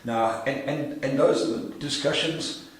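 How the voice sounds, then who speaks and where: Animated male coach in an echoey room. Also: medium pitch, unhurried. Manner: animated, playfully acts out inner voices. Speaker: business coach and podcast host. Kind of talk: casual coaching conversation. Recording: echoey room, mic at a distance.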